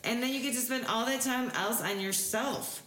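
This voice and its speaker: A woman's voice: on the high side, moderate pace, a bit bright. Brash, profane woman ranting. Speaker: co-host. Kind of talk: casual chat. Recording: echoey room, faint noise.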